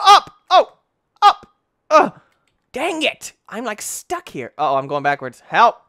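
A young man giving let's-play commentary, tired and yawning, breaking into excited yelps and shouts. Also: high-pitched, unhurried, no echo, clean studio sound. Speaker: gaming YouTuber.

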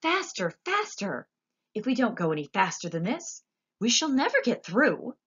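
Woman voicing eccentric cheerful candy-maker man, bubbly, high and springy, storybook voice, muffled lo-fi. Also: sing-song, breathy edge, exaggerated voice. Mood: gleeful. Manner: quick, bubbly, exclamatory, higher voice. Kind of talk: storybook character voice.

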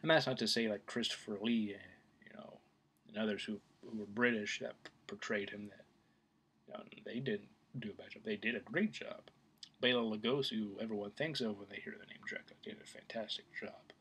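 A man's voice: on the low side, a little fast, a bit bright, slightly rough. A man talking casually to camera about his favorite actor, rambling with many fillers and restarts. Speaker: film vlogger. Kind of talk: casual opinion talk.

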